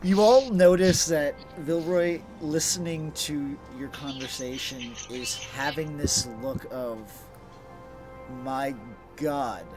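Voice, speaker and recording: A male game master narrates a tabletop session with a slightly raised voice. He stumbles and restarts as he goes, over clearly audible music. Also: fairly high pitch, fairly even intonation, slow pace, hardly any pauses. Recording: background music.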